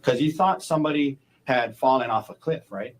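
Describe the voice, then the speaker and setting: Halting man cross-examining a witness. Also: mid-range voice, low-quality recording. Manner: halting, repeats words, ends with "correct?". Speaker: defense attorney.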